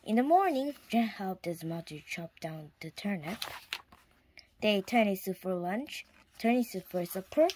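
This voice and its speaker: A woman reading a children's picture book aloud in a clear storytime manner, now and then dropping to a whisper. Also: mid-range voice, expressive, unhurried, warm tone, slight background noise. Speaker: storybook reader.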